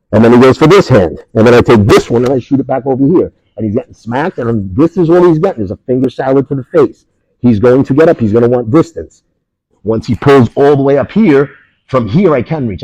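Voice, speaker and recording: A man teaching a martial arts class, walking students through moves and punctuating each strike with sounds like boom and bang. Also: warm tone, slightly rough, rough recording. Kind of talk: hands-on demonstration to a class.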